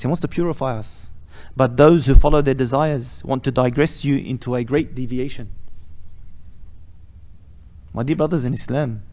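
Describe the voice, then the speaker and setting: A man's voice: medium pitch, a little mellow. A man delivering an impassioned sermon as a sheikh, building to emphatic rhetorical questions and reciting Arabic phrases. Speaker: sheikh giving a weekly lesson.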